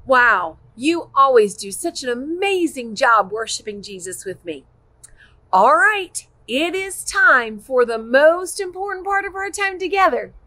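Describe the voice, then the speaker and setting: Young female preschool Bible teacher, animated and encouraging, unhurried, high voice. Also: dry recording. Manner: animated, slow and encouraging, speaking to small children. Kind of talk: children's Bible lesson.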